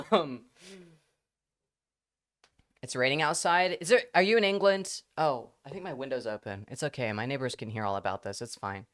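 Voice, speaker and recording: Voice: mid-range voice, expressive, normal speed, fairly bright tone, smooth. A live streamer chatting casually with their audience, rambling, laughing often and swearing freely.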